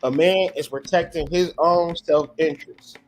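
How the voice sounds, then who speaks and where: A man's voice: fairly high pitch, fairly even intonation, normal speed. A man hosting his channel, giving a profane, preachy monologue in an emphatic style. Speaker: host.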